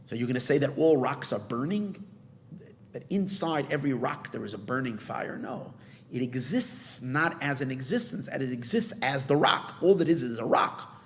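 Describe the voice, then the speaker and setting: A man's voice: medium pitch, animated, normal speed. A man, a rabbi, teaching a Torah class in an earnest explaining manner, often restarting his phrases and mixing in Hebrew terms. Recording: long hall reverb.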